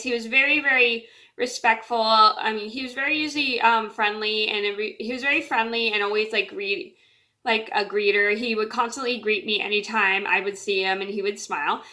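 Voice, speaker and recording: Bright-voiced woman telling a rambling story. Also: on the high side. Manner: rambling, many fillers and restarts, repeats "blah, blah". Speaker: storyteller vlogger. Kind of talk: casual storytelling to camera.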